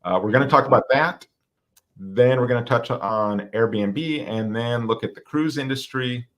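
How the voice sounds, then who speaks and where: A man's voice: mid-range voice, moderate pace, fairly bright tone. A man co-hosting a business podcast, giving background in a conversational way and putting questions to his co-hosts. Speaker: podcast co-host. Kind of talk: casual podcast discussion.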